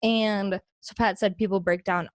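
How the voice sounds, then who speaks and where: Young woman telling stories on a podcast, mid-pitched, jumps into silly high voices, dry sound. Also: fairly even intonation, normal speed, no room sound. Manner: storytelling, acts out others with sudden high voices. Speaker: podcast co-host. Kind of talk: casual chat.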